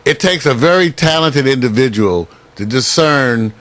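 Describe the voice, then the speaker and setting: A man hosting a community radio show, telling stories in animated casual chat and laughing often. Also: mid-range voice, normal speed. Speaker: radio host.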